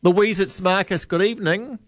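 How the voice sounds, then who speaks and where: A New Zealand man hosting a radio talk show, his voice sitting a little high for a man. He talks in a loose, chatty way and keeps asking his callers questions. The studio sound is dry and close. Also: normal speed, no echo. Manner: chatty, relaxed, quizzing callers. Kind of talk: casual radio chat. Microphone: studio microphone.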